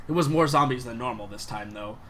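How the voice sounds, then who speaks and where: A man's voice: medium pitch, a little fast, a bit bright, lightly acted. A man voicing a boastful, cheerful male warrior who lives for glory and hasn't slept in days. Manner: cheerful, boastful, self-important.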